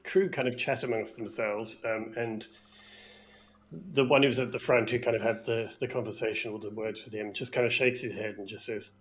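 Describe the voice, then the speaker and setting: A man's voice: medium pitch, steady tone, normal speed, slight background noise. A man narrating a tabletop game as game master, casual and hesitant with many fillers.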